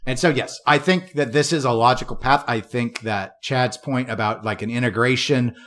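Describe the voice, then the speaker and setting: A man's voice: mid-range voice, normal speed, fairly bright tone. A man co-hosting a podcast in casual chat, playful and joking, laughing often. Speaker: podcast co-host.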